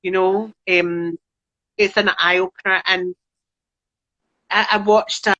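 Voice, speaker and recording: A woman's voice: mid-range voice, steady tone, slow, pushed and bright. A Scottish woman from Glasgow speaking earnestly and reflectively in casual conversation as a podcast guest. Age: adult parent. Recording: dull lo-fi sound.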